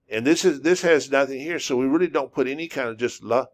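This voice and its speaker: A man teaching a spoken lesson in a halting, casual way, with many fillers and restarts, drawing out sounds to demonstrate them. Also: mid-range voice, creaky. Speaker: language teacher.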